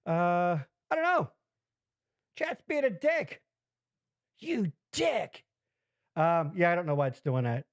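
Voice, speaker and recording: A man's voice: high voice, a little slow, clear, resonant tone, dry recording. A man hosting a live-streamed show, rambling and swearing in casual chat. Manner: rambling, swears freely, animated. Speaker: podcast host.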